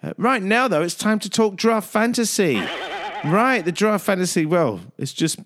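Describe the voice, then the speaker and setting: A man's voice: normal speed, slight background noise. A man hosting a casual radio sports chat, jokey and upbeat. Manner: jokey, upbeat, lively swings in pitch. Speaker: host.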